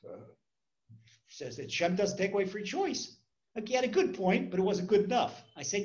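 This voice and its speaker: A man's voice: high-pitched, big pitch swings, normal speed, a little mellow, highs cut off. A man, a rabbi, teaching a Torah class in a conversational way, repeating words as he tells stories.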